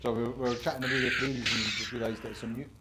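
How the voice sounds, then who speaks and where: A man's voice: mid-range voice, level tone, rapid-fire. A Scottish man co-hosting a game stream, easygoing and laughing often while greeting viewers in a small studio. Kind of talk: casual let's-play chat. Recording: loud background noise hiss.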